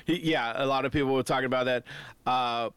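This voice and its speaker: A man's voice: mid-range voice, fairly even intonation, fast talker, a bit bright, smooth, no echo. A man co-hosting a casual movie podcast, talking with rambling enthusiasm and frequent restarts. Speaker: podcast co-host.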